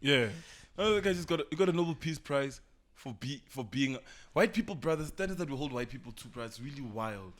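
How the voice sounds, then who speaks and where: A man's voice: mid-range voice, animated, a little fast. A young man from South Africa with a South African English accent, co-hosting a podcast in heated casual chat, swearing a lot and acting out quoted voices, recorded through a camera's built-in mic. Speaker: podcast co-host.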